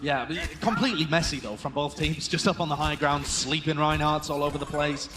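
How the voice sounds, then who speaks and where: Analytical esports color commentator. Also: male voice, fairly high pitch, steady tone. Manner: analytical, measured opinions.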